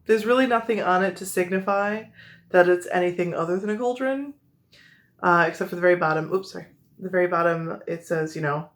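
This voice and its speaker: A young woman with a Midwestern accent, chatting casually and rambling with many fillers and self-corrections as she shows off her collection. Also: fairly low pitch. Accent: American Midwest. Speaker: collector showing her mugs. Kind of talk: casual show-and-tell chat.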